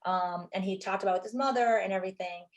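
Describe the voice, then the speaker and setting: A middle-aged woman filmmaker, appearing as an interview guest, tells stories from a shoot in a mid-range voice. She's animated, uses lots of fillers, and readily acts out what people said.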